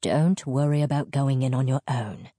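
A woman's voice: extremely low pitch, moderate pace, warm tone, dry recording. A woman voicing a man in his late thirties, a mining engineer who talks in a dry, clipped, dismissive way. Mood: firm.

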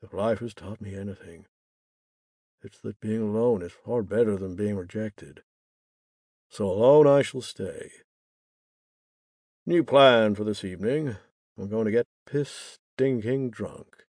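Husky young man narrating a novel. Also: on the low side, measured pace, pauses often, darkish tone, dry recording, clean studio sound. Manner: wry and bitter. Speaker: audiobook narrator. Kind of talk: first-person audiobook narration.

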